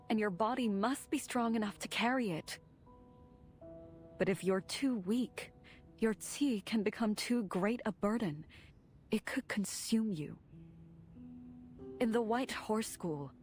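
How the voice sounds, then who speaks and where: A woman voicing a stern female sect grandmaster in a game, speaking in a measured, grave way. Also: mid-range voice, lightly acted. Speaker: game character. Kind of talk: game voice acting.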